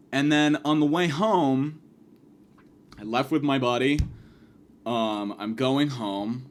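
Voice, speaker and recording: A man's voice: mid-range voice, slow, long pauses. A man telling a rambling, profane comic story about his night out, often restarting sentences and acting out the people in it. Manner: rambling, profane, self-mocking, acts out shouted quotes. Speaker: podcast host. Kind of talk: casual comedic storytelling monologue.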